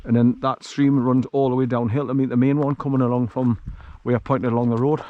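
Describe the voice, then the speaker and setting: Narrow, tinny audio carries a man speaking fairly quickly in medium pitch with a level tone. He's a vlogger walking his dog on an outdoor hill track in the countryside, chatty and rambling with lots of chuckles, recorded on an action camera carried along.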